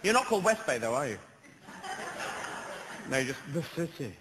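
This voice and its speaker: A man's voice: fairly high pitch, very animated, normal speed. Rambling British man, live stand-up. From Britain. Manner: rambling, digressive, with self-corrections and bursts of swearing. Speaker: stand-up comedian. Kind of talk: stand-up comedy routine. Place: stage before a laughing live audience. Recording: echoey live venue with crowd and noise.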